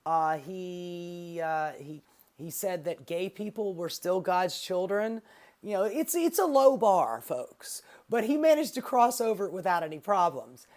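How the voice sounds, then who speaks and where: A woman's voice: on the low side, lively intonation, a little slow, darkish tone. A woman in a casual, rambling monologue, sarcastic and profane, with lots of fillers and asides. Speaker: political commentary vlogger.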